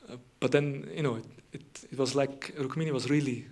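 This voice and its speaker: Guy giving a devotional talk, chatty storytelling, mid pitch voice, lots of you know. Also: fairly even intonation, fairly quick, a little mellow. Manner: conversational, many fillers and restarts, chuckles. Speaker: lecturer. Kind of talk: devotional lecture, scripture storytelling.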